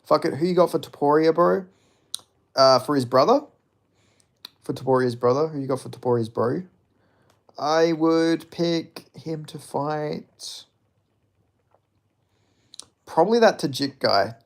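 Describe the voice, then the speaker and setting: A man's voice: medium pitch, brisk, creaky. Male streamer, loose rambling talk, answering chat with joking apologies. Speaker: livestream host. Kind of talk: casual livestream chat about fighting.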